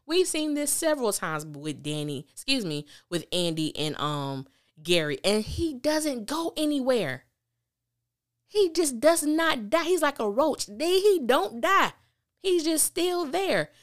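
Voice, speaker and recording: A woman hosting a podcast, recapping a TV episode in a casual, animated way with blunt slang and emphatic storytelling. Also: high voice, measured pace. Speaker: podcast host.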